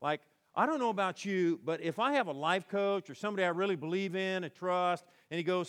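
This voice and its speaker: A male pastor preaching a conversational sermon, animated and acting out quoted lines in between. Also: high voice, brisk, few pauses.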